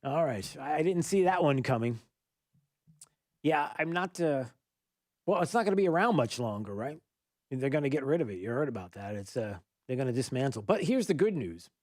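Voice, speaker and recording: A man hosting a talk radio show, running a quiz with a caller and chatting in a halting way full of fillers. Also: medium pitch, big pitch swings, darkish tone, no echo, studio quality.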